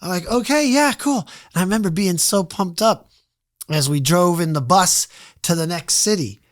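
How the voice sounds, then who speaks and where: Animated man acting out his stories. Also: high voice, moderate pace, dry recording, clean studio sound. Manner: animated storyteller who acts out quoted dialogue; casual, swears freely. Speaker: podcast guest. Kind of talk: casual storytelling interview.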